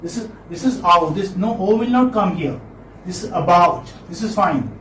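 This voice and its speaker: High-voiced male lecturer in echoey classroom. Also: a bit bright, far from the mic. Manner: repeats words slowly, asks "hmm?" to check students. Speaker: phonetics lecturer. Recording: echoey room, mic from afar, faint noise.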